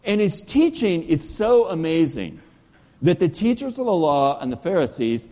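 Lively pastor preaching in echoing church. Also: male voice, on the high side. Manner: animated storytelling, drops to soft slow emphasis. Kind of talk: sermon. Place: church sanctuary. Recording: long church reverb.

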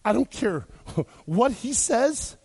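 A man's voice: extremely high pitch, very animated, takes it slowly, gravelly, a little mellow, breathy edge, heavily acted. A man voicing a suspicious, blunt farmer, scolding in a scornful tone.

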